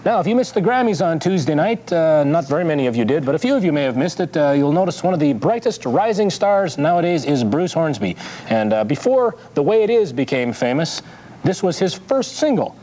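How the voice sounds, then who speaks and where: A man's voice: on the high side, sing-song, fairly quick, mellow. A man hosting a children's TV show, reading viewers' jokes in a chuckling, playful way.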